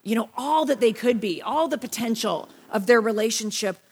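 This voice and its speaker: A woman's voice: fairly high pitch, expressive, normal speed, slightly rough. A young woman teaching a Bible study lesson in a casual, conversational way, often checking in with her listeners. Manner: conversational, frequent "right?" and "you know".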